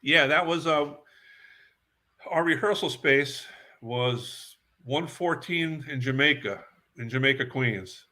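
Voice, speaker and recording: Older new york guy, bright punchy voice, rambling stories, keeps repeating himself. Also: mid-range voice, slow pace. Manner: rambling, repeats words while recalling. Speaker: guest musician. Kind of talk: casual storytelling interview.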